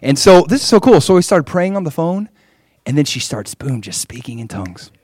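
A man's voice: on the high side, very animated, fairly quick, a little mellow, dry recording, clean studio sound. A man preaching and leading a prayer, talking in an earnest, conversational way. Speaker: pastor. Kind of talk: sermon with guided prayer.

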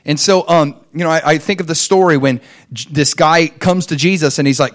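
A man preaching a conversational sermon, telling stories, asking the congregation questions and acting out the people in them. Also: a little fast. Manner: acts out quoted people with big swings in pitch and loudness. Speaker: pastor.

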